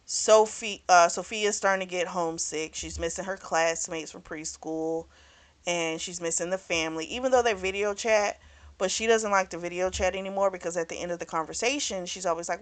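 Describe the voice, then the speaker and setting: A woman's voice: lowish voice, fairly quick. A woman casually retelling a novel's plot in a book review, chatty and full of "you know", raising her voice when she quotes characters. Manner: acts out characters' lines in a raised voice.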